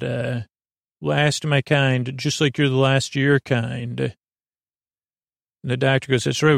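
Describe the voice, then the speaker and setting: Gravelly, flat-voiced man recapping a show. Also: mid-range voice, dry recording, clean studio sound. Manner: rambling, halting, with many fillers; acts out quoted lines in a near-plain voice. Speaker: podcast host. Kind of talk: casual bedtime episode recap.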